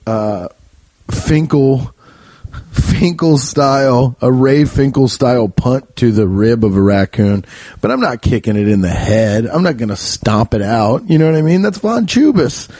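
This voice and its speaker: A podcast host tells a comedic story in a slightly slow voice, captured in a dry recording. He is profane, animated and rambling, and his voice often jumps high.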